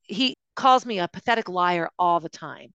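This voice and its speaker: A woman's voice: on the low side, lively intonation, moderate pace, fairly bright tone, smooth, dry recording, dull audio. Confiding woman telling her own story. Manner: emotional, confiding, with frequent restarts. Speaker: podcast host recounting her own life. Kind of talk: personal storytelling monologue.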